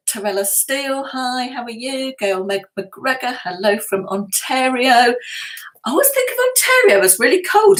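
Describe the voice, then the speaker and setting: A woman's voice: a little high, low-quality recording. Chatty woman in her fifties. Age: 50s. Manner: chatty, warmly greets viewers by name, laughs often. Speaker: lifestyle channel host. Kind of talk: casual live-stream chat. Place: at home indoors.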